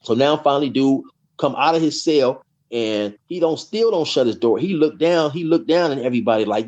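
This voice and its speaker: With a medium-pitched, slightly mellow voice, lively intonation, and a fairly quick pace, a middle-aged man tells long prison stories as an interview guest. He rambles casually, repeats words, and says "you know" a lot. The recording is dull and lo-fi.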